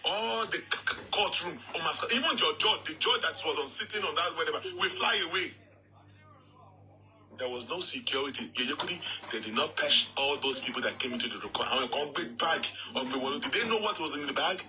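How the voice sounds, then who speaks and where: A Nigerian man with a high, very bright voice talks in lively casual commentary. He keeps affirming himself with "yeah" as he moves from point to point. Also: a little fast, faint music behind, poor audio. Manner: animated, repeats "yeah" often. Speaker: vlog co-host.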